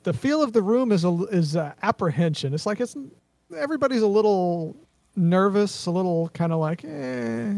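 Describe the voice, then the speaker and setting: Game master, male, high voice, rambling and halting, dry close sound. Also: expressive, gravelly, a little mellow, dry recording. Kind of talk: narrating a tabletop game.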